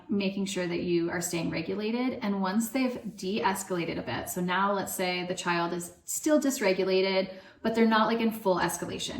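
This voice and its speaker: A woman's voice: lowish voice, a bit bright. A woman speaking as a parenting coach, giving casual advice in a loose, chatty way full of fillers. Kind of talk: casual advice talk to camera. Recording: echoey room.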